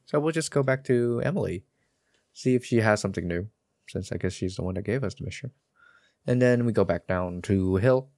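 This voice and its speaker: A man's voice: lowish voice, brisk, no echo. A man casually talking through a video game as he plays, joking at himself and getting worked up at the screen. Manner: excitable, jokey, talks to himself while playing. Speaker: gaming streamer. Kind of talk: casual let's-play commentary.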